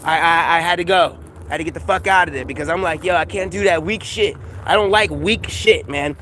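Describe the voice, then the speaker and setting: Brief: man vlogger, high-pitched, animated profane ranting, outdoors with light traffic noise. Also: brisk. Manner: animated, profane, laughs often, repeats himself. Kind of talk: casual rant to camera.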